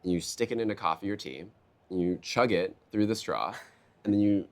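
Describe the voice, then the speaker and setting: A man's voice: fairly low pitch, fairly quick. A man, a keynote speaker, talking in a conversational interview, telling stories and acting out quotes in a raised voice. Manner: animated storyteller, acts out quotes in a raised voice. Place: live event booth.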